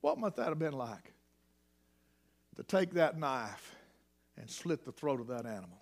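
A man preaching a sermon, swinging between hushed near-whispers and shouted emphasis. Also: medium pitch, big pitch swings, a little slow.

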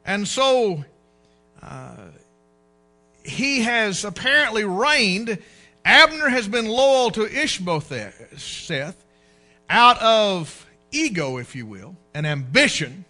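A man preaching a sermon, folksy and animated, acting out the voices in the scripture he reads. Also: high voice, unhurried, soft background music. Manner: animated preaching, acts out quoted speech, folksy.

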